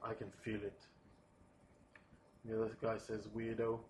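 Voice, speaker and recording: A man whose first language is not English, pitching a film scene in a hesitant, soft-spoken way with many pauses. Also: a little hiss or hum. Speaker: storyboard artist pitching a film. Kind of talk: informal pitch narration.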